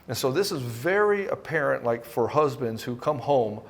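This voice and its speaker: A man's voice: medium pitch, lively intonation, normal speed. A man coaching husbands on relationships, talking bluntly and casually, swearing freely and hammering points in short bursts. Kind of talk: direct-to-camera coaching talk.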